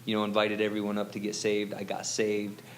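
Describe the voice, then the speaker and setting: A man telling his own story in a relaxed, rambling way, full of fillers and quoted lines. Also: fairly low pitch, brisk, slight background noise, low-quality recording. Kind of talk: casual storytelling.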